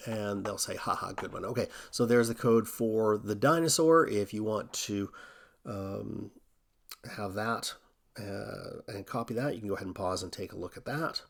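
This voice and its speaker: A man hosting a coding tutorial, thinking aloud in a relaxed way as he walks through a screen recording. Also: on the low side, normal speed, vocal fry.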